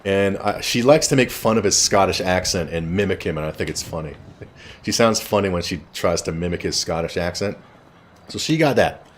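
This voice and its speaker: A man's voice: low-pitched, fairly quick, slight background noise. A man telling a rambling personal story in a blunt, casual way with frequent swearing, while streaming a game. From Canada.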